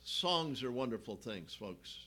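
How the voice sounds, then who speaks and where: A man's voice: medium pitch, big pitch swings, unhurried, pushed and bright. A man preaching a sermon as pastor, teaching from slides and putting questions to the congregation.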